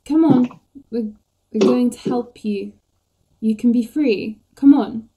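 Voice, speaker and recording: A woman's voice: a little high, slow, dark tone, voice pushed up, low-quality recording. A woman voicing a commanding, impatient female mage who speaks with urgent, imperious questions. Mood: coaxing.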